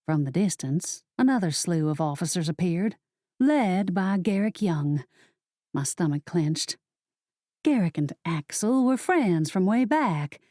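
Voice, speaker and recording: In a fairly low voice, a woman narrates a first-person audiobook with steady, measured storytelling. The recording is dry and clean, with studio sound.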